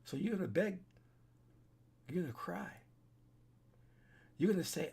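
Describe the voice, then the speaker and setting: Gravelly, husky, and darkish in tone though it sits high, this animated male voice moves at a measured pace. An online commentator gives an urgent, preachy solo warning into a desk webcam, repeating points and breaking off to restart sentences.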